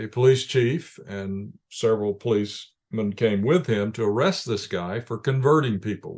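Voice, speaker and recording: A man with a fairly low voice tells stories in an interview. He speaks calmly and in measured anecdotes, often restarting his sentences as he goes. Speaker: ministry leader guest. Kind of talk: interview storytelling.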